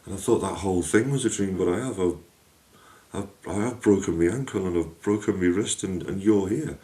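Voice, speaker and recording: A man puts on a lonely lighthouse keeper, hurt and flustered, who stumbles over his words with a very deep, dark voice. The sound is echoey, with the mic some way off. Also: a little fast, lightly acted. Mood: anxious. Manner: flustered, repeats himself when worried. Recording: echoey room, distant mic.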